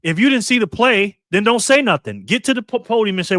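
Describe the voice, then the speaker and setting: A man's voice: sits high, expressive, brisk, hardly any pauses, fairly bright tone, no echo, studio quality. A man in his fifties from New York State, hosting a live political commentary stream and ranting angrily with lots of profanity. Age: 50s. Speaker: livestream host.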